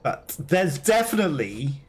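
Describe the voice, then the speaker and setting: A man's voice: a little high, very animated, measured pace, husky, soft background music. Chatty man commentating his gameplay. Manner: rambling, self-mocking, laughs often. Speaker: let's play streamer.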